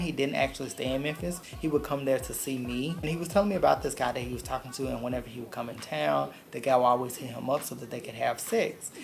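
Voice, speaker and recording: Gravelly-voiced man. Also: medium pitch. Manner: blunt, profane, dramatic retelling. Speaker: vlogger. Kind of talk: casual storytime vlog.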